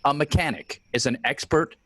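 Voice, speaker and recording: A man panelist in a casual chat, measured and reflective. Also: fairly high pitch, a bit bright, dry recording.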